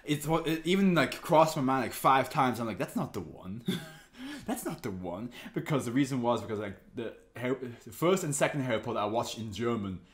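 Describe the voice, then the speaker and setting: A man hosting a casual anime reaction, joking and laughing often as he talks on his feet. His voice sits at a middle pitch but swings widely up and down. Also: a little fast. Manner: animated, jokey, laughs often; talks while standing.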